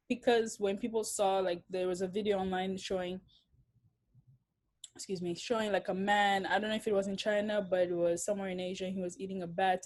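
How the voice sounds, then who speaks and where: A woman's voice: medium pitch, a little mellow. A young woman from Africa, speaking bluntly and swearing freely in a casual interview.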